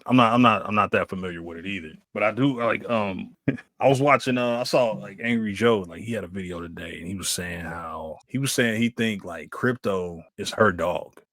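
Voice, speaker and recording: A man's voice: lowish voice, moderate pace, fairly bright tone, no room sound, clean studio sound. A man co-hosting a casual chat, rambling and restarting with lots of fillers. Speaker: podcast co-host.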